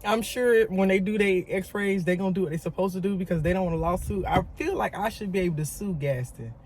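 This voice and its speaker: A woman's voice: mid-range voice, a little fast, a little hiss or hum. Emphatic woman telling a storytime vlog. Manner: emphatic, talks straight to viewers; animated, repeats words for emphasis. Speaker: vlogger.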